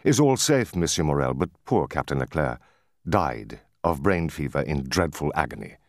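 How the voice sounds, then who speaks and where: A man's voice: very deep voice, big pitch swings, normal speed, gravelly, no room sound, studio quality, full character voice. A man voicing an earnest, sorrowful young male sailor in an audiobook. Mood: grave. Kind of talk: audiobook character voice.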